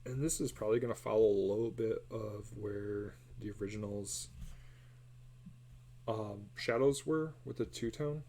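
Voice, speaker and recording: A man's voice: on the low side, normal speed, mellow, a little hiss or hum. A man chatting casually and muttering self-deprecating remarks while he draws on a live stream. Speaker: artist streaming a live drawing session.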